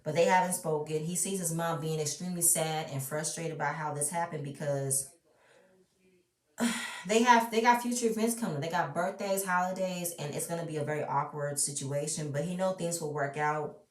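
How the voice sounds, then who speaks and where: A woman's voice: deep voice, moderate pace. A woman ranting bluntly and with strong opinions while recapping a reality show, swearing freely. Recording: roomy, mic at a distance.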